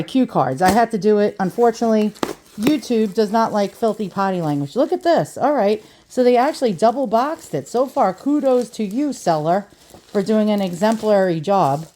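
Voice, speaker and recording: A woman talks casually to her viewers while unboxing an antique. She rambles, restarts her sentences and pokes fun at herself, in a voice of ordinary middle pitch. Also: dark tone. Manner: chatty, self-deprecating, rambling with restarts. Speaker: antique vlogger.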